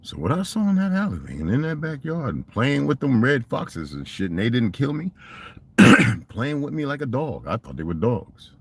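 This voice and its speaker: A man's voice: medium pitch, very animated, moderate pace, husky. An older man telling rambling, profane stories in a casual monologue and asking rhetorical questions. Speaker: vlogger.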